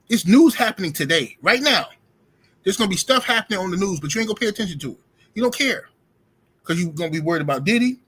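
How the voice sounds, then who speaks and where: A man's voice: high voice, sharp tone, a little hiss or hum. A man hosting a casual livestream, ranting in loose slang and greeting his viewers by name. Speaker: livestream host. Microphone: streaming setup mic.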